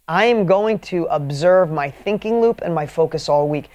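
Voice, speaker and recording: Punchy, energetic male motivational speaker. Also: a little high. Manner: energetic, emphatic, fast bursts and drawn-out stresses; blunt and mildly profane. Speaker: motivational trainer. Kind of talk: motivational training talk.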